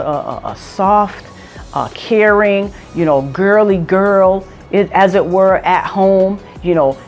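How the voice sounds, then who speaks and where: A woman vlogger giving casual advice, talking emphatically and repeating points for stress. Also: fairly low pitch.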